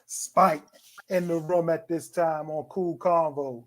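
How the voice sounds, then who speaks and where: A man in his fifties hosts a virtual telethon with an upbeat, encouraging delivery. His voice sits fairly high for a man. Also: steady tone, slow. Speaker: host.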